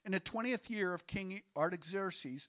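A man with a fairly high voice preaches a sermon in a loose, chatty way, quizzing his listeners as he goes. The recording sounds dull and lo-fi, dry with no room echo. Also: normal speed. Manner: conversational, quizzes the congregation with questions. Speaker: pastor.

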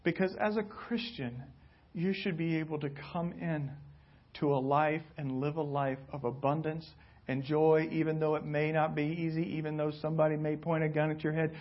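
Male pastor, sermon, slow dramatic storytelling, slightly high voice, muffled lo-fi recording. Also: steady tone. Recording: dull lo-fi recording.

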